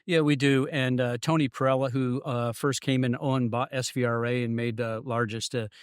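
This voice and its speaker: A middle-aged man, a former racing driver, chatting casually as a guest and telling lively anecdotes. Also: medium pitch, moderate pace, clean tone, dry recording, studio quality. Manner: animated storyteller, acts out the people in his stories, laughs often. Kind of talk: casual storytelling chat.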